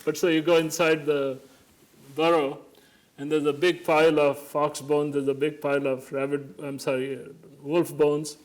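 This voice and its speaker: A man's voice: fairly high pitch, little pitch movement, moderate pace. A man giving a keynote lecture, telling anecdotes and jokes and laughing along with them. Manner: jokey storytelling, laughs along. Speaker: keynote speaker. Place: lecture hall.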